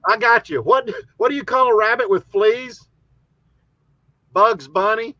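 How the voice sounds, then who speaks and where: High, bright-voiced joking male host. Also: unhurried, dry recording, lo-fi sound. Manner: laughs often, joking and easygoing. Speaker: host of a live chat show. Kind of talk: casual live-stream chat.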